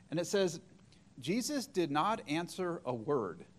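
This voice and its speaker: A man's voice: sits high, expressive, measured pace. A middle-aged man preaching a sermon, retelling a story and acting out the quoted voices.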